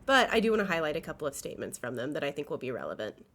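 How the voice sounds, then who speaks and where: With a deep voice, big pitch swings, and a slightly bright tone, a young woman talks very fast through a scripted video essay. She's sick and sounds nasal and congested, staying earnest and enthusiastic with a few fillers.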